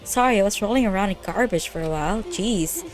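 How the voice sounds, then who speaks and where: A woman's voice: mid-range voice, lively intonation, quick pace. Young woman reading game lines aloud. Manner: reads every character's lines in her own voice, laughing often. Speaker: let's play host. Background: faint game music.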